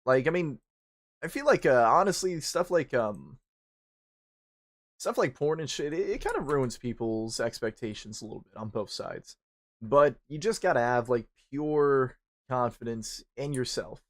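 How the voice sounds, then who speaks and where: Young male streamer, casual and crude, rambling with plenty of swearing, middle pitch, turns animated in anecdotes. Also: a little slow. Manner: animated when retelling stories. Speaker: game streamer. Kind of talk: casual chat while gaming.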